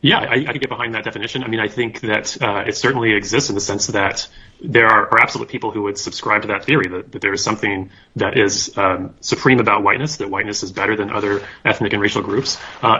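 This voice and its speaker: A man's voice: fairly low pitch, steady tone, pushed and bright, slight background noise. A male American history professor with a General American accent, a remote interview guest who speaks thoughtfully and hedges with fillers. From United States. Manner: rapid and thoughtful with hedging fillers. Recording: dull lo-fi remote line.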